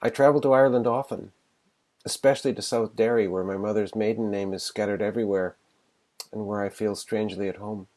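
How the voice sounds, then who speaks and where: A man with a Canadian accent introducing and reading his own flash fiction story in a plain, steady storytelling way. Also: fairly low pitch, fairly quick.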